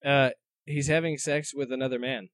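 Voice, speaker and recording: A man's voice: medium pitch, steady tone, normal speed, fairly bright tone. A man co-hosting a casual comedy podcast, reading out odd news stories and stumbling over his notes.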